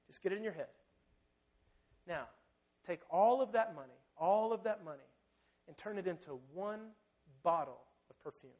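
A male preacher with a notably high voice, delivering a sermon in a casual, conversational style. He speaks straight to his listeners with lively, animated emphasis. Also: normal speed, long pauses.

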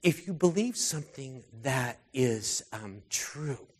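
A man's voice: mid-range voice, animated, slow pace. Earnest man preaching through stories. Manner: earnest, heartfelt storytelling that drops soft and quiet. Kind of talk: sermon told through personal stories.

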